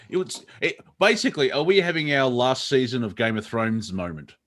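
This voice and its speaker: A man's voice: mid-range voice, normal speed, a bit bright. Man, comedy co-host, casual banter, frequent laughs, rambling delivery. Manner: laughs often, rambling with restarts.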